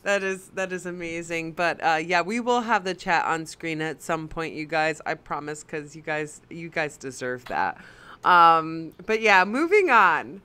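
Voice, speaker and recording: A woman's voice: low-pitched, animated, a little slow, bright, forceful tone, clear, resonant tone. A woman hosting a casual gaming podcast, laughing often and steering the talk along. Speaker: podcast host.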